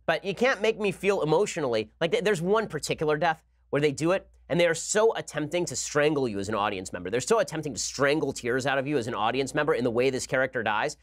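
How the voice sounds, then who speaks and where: Male podcast host, rapid-fire sarcastic rant, higher-pitched voice, studio mic. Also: expressive. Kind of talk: solo commentary monologue.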